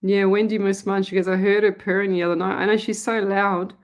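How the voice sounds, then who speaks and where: Middle-aged Australian woman, live-stream host, casual and friendly chatter, quick to laugh. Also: medium pitch, little pitch movement. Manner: chatty, greets viewers by name, laughs easily. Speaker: psychic medium hosting a live stream.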